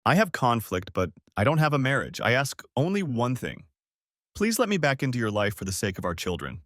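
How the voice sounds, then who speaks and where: Man voicing a contrite ex-wife pleading in a letter, lively pitch, dry close sound. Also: fairly quick, no echo. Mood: remorseful. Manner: earnest, apologetic reading.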